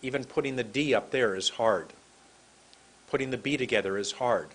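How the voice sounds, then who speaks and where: A man teaching English pronunciation to camera, speaking in a drawn-out, emphatic way and demonstrating mouth positions. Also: medium pitch, fairly bright tone, husky. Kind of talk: slow deliberate teaching to camera. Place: room with a computer and camera.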